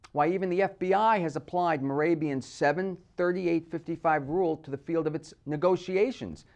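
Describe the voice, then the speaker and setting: A man's voice: on the high side, darkish tone. A man hosting a short TV segment, giving a scripted commentary with emphatic, playful stress on words. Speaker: host.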